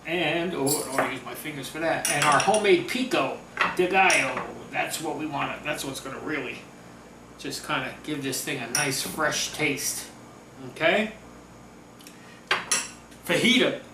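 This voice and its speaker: A man's voice: fairly high pitch, unhurried, pauses often, distant mic, background noise. A man chatting casually through a home cooking demo, upbeat and talkative. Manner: chatty, upbeat, talks with mouth full. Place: home kitchen. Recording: roomy echo, voice from off-mic. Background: sizzling food on a grill.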